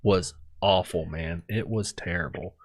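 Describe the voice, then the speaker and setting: A man's voice: deep voice, steady tone, a little slow, dry recording, studio quality. A man co-hosting a podcast, telling crude stories in casual chat with heavy swearing. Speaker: podcast co-host.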